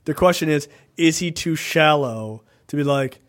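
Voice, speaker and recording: Profane, animated man chatting. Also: fairly high pitch, normal speed. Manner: profane, animated, rambling with many "right?" asides. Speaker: podcast co-host. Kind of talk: casual political chat.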